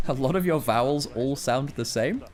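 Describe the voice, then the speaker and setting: A man with a Nottingham accent casting a live esports match, chatty and animated, laughing and restarting his sentences. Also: mid-range voice, moderate pace. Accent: East Midlands English (Nottingham). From English Midlands. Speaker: esports commentator. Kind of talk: casual live esports commentary.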